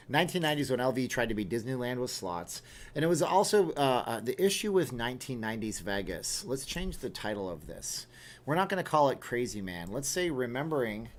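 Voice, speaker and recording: A man's voice: medium pitch, very animated, a little fast. A man in his thirties hosting a casual livestream, reading viewer comments aloud and answering them. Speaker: livestream host.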